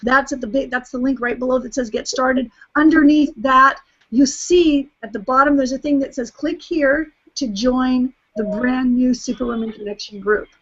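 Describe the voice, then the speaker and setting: A woman's voice: high-pitched, fairly even intonation, moderate pace. A woman hosting an online group call, effusive and chatty, often restarting her sentences. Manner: effusive, chatty, repeats herself. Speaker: host. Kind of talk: webinar hosting, casual. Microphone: video call. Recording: dull lo-fi video call audio.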